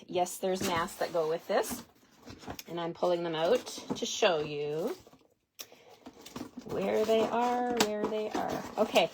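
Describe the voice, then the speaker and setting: A woman hosting a live craft demonstration, chatty and excitable, gushing over each product as she unpacks it. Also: medium pitch, a little hiss or hum.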